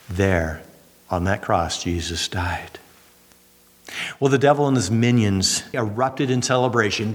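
A man preaching a sermon dramatically, swinging from high, strong emphasis down to low, quiet lines. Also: big pitch swings, unhurried, husky. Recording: long reverb of a large hall.

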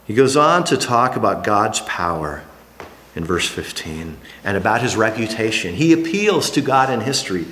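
Emphatic preacher in an echoey hall. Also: male voice, fairly low pitch, normal speed. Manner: emphatic, swings from hushed drops to animated exclamations. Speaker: pastor. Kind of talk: sermon.

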